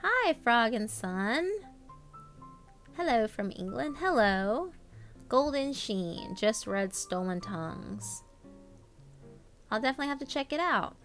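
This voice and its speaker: A young woman chats on her live stream in a bright, forward voice, greeting viewers by name and filling pauses with ums and little laughs. Faint guitar music plays quietly beneath her talk. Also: on the high side. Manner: chatty, reads out viewer names, filler-heavy. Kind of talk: casual live-stream chat.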